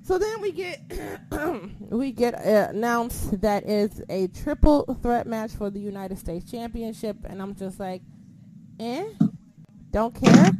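A woman's voice: fairly high pitch, expressive, slow, dark tone, slight background noise. A woman co-hosting a casual wrestling podcast, blunt and heavily profane as she rants about the show and her critics. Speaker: podcast co-host.

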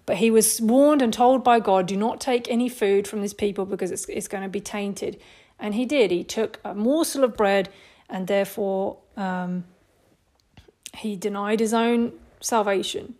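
A woman's voice: mid-range voice, steady tone, a little slow, darkish tone. A woman giving an informal Bible teaching, earnest and emphatic, putting rhetorical questions to her listeners and leaning on "like" as she explains.

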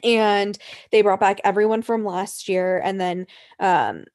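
Young woman co-host, casual and chatty, curses freely, average pitch. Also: fairly even intonation, a little slow, a little mellow. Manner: chatty, swears a lot, laughs often. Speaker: podcast co-host. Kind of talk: casual chat.

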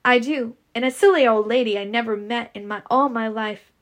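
A woman's voice: fairly high pitch, a little fast, natural voice. Scarlett, a woman doing a coy young Southern belle. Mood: teasing.

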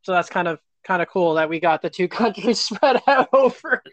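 Podcast host from Canada, male; high, bright, forward tone, friendly and casual, dry close mic. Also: animated, moderate pace. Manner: friendly, brief affirmations. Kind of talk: casual interview.

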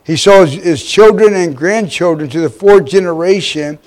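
High-voiced preacher with drawl. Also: male voice, normal speed, a little mellow. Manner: earnest preaching with frequent "uh" fillers and rhetorical questions. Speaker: pastor. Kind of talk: sermon.

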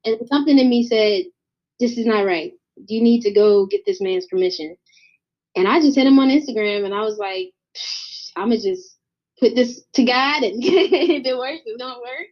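A young woman with a fairly high voice tells a lively anecdote, jumping in and out of the voices of the people she met. The sound is dull and lo-fi. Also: normal speed. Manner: animated, acts out voices in her anecdotes. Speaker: guest artist. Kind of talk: casual storytelling interview.

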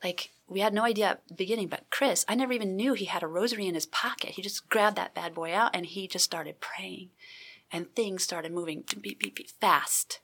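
Woman, gravelly, husky, halting, earnest testimony, conversational. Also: mid-range voice, fairly bright tone. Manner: halting, many restarts, earnest. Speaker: interview guest.

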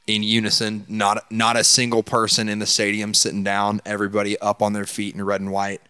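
A man's voice: fairly low pitch, monotone, a little fast, bright, forceful tone, clean tone, no echo, clean studio sound. A man co-hosting a casual sports podcast, laid-back and self-deprecating. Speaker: podcast co-host.

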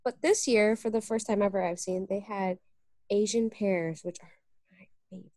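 A woman's voice: medium pitch, fairly even intonation, normal speed, dark tone, no echo. A young woman co-hosting a podcast in casual chat, giggly and talkative, with lots of "like". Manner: chatty, giggly, heavy use of "like". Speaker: podcast co-host.

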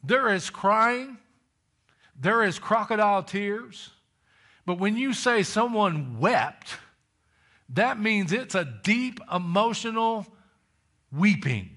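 A man preaching a sermon in a high, bright voice. He reads scripture aloud and drives it home with emphatic questions and calls for amens. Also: expressive, slow pace, pauses often.

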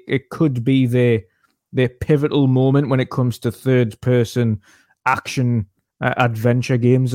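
A man co-hosting a gaming podcast, weighing his opinions in a measured, casual way. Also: mid-range voice, mellow, no room sound, clean studio sound.

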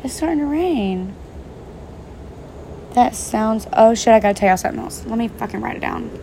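A woman's voice: on the high side, expressive, moderate pace, vocal fry, warm tone, a little hiss or hum. A young woman telling a story to her viewers in a casual vlog, chatty and swearing freely. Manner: chatty, profane, speaking straight to viewers. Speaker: vlogger. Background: faint rain.

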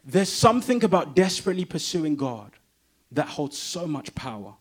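A man's voice: on the high side, sing-song, moderate pace, slightly rough. A man preaching a sermon in an emphatic, repetitive way that builds intensity.

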